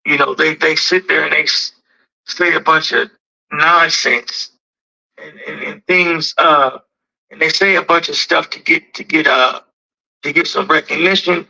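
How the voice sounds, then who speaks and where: A man's voice: fairly high pitch, a little slow, creaky, pushed and bright. A man talking casually about keeping dogs, often repeating himself and acting out quoted back-and-forth exchanges. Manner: repetitive, restarts, acts out quoted exchanges. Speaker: dog breeder. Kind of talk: casual talk. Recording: dull lo-fi audio.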